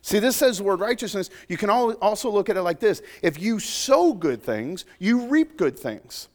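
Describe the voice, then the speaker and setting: A man preaching a sermon to a congregation, conversational and joking, swinging from loud emphatic points to soft, intimate asides. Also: sits high, big pitch swings, moderate pace. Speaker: pastor.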